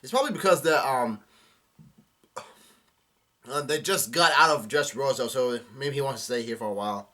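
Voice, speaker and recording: Man reading aloud, halting and hesitant. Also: mid-range voice, pushed and bright. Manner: reads aloud haltingly with many fillers and restarts. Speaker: manga reaction host. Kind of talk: live reading and commentary.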